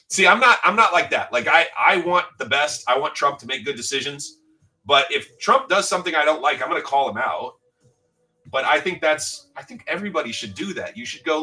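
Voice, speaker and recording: A man with a mid-range voice, pushed and bright, hosts a casual livestream, rambling and cursing while he reads viewer comments aloud. The mic is distant, with faint music playing in the background.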